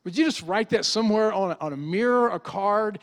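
A middle-aged man preaching as a pastor in an earnest, pleading manner, swinging from emphatic urging down to soft, quiet appeals. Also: high-pitched, a little fast. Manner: earnest, pleading, rising to emphatic exhortation then dropping soft. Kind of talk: sermon.

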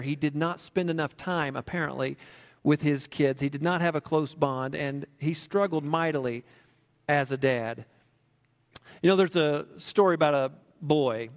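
Man, pastor, sermon, conversational storytelling, higher voice, long hall reverb. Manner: conversational, with frequent fillers.

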